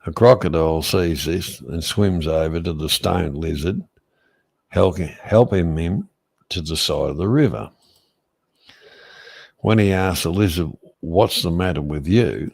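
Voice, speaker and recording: Deep, gravelly man telling a joke. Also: darkish tone. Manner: slow, meandering storyteller who loses his thread. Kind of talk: casual chat, telling a long joke.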